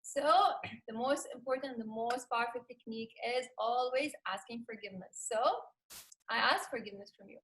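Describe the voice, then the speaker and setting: A woman's voice: a little high, fairly even intonation, fairly quick, fairly bright tone, slight background noise, low-quality recording. A woman leading a laughter yoga session over a video call, cheerful, laughing often and calling out "yay". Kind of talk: live webinar instruction.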